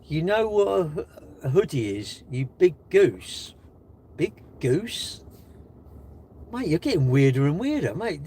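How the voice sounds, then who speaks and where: A man's voice: fairly high pitch, very animated, takes it slowly, long pauses, dark tone, husky. A man with a British accent on a live stream, sitting in his car, reading viewers' comments aloud and answering them with sarcastic, mocking jabs. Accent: British English. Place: in a car while charging it.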